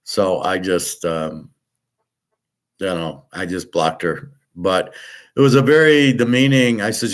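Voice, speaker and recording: A man's voice: mid-range voice, normal speed. A man with a mid-range voice delivers a long, exasperated rant, blunt and full of profanity. He circles back over the same point, restarting sentences as his irritation builds. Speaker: host. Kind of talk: ranting monologue.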